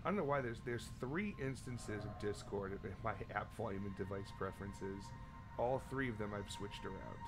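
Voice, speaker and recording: A man's voice: on the low side, lively intonation, moderate pace, over music. A man hosting a casual gaming stream, swearing freely while he fiddles with his audio settings. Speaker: streamer host.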